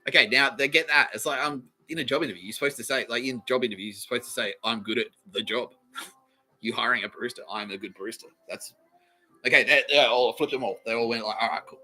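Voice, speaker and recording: A young Australian man rambles through a comic story for his podcast, cursing freely and putting on the voices of the people he quotes. His voice has a bright, forward edge. Faint music runs underneath. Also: mid-range voice, fast talker. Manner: profane, laughing, acts out quoted people. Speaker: podcast host. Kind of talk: comedic storytelling monologue.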